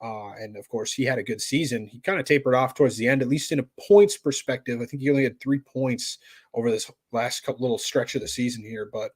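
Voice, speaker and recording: A man's voice: mid-range voice, quick pace, husky, no echo. Laid-back man chatting sports. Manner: laid-back, rambling with many fillers. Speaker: podcast co-host. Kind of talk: casual sports chat.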